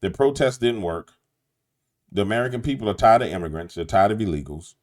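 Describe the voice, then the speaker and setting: Speaking briskly at a fairly low pitch, a Louisiana YouTube host with a New Orleans accent addresses his viewers head-on. His late-night commentary monologue is emphatic and preachy.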